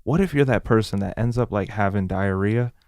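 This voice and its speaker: A young man co-hosting a podcast, telling stories in a casual, animated way. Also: on the low side, fairly quick, no echo, clean studio sound. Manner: animated storyteller, voices his own past lines. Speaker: podcast co-host. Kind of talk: casual chat.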